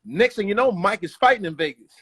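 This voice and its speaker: A man telling stories as a guest in a casual interview, animated and quick to slip into voices. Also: high-pitched, husky. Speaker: guest, comedian and actor. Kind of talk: casual storytelling.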